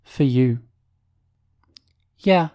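A man reading an audiobook voices a hollowed-out young male hero, speaking low and subdued, near a whisper. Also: very slow, warm tone, no echo, studio quality.

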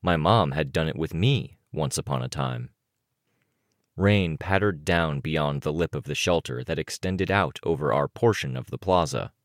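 A man reading an audiobook aloud in a measured storytelling manner. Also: rumbling low, no room sound, clean studio sound. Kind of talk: audiobook narration.

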